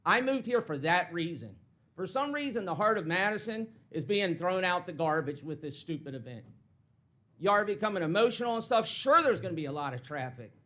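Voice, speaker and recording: A man's voice: high-pitched, expressive, a little fast, pushed and bright. A man giving a heated, blunt public comment at a county meeting. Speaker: citizen speaking at public comment. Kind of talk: angry public comment speech.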